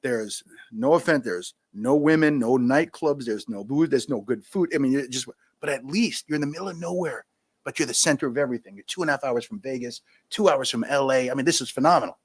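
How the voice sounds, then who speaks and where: A man guest on a podcast telling anecdotes in a casual, animated way, acting out quoted voices and laughing often. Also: medium pitch, brisk, husky, no echo. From New York. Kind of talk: casual storytelling.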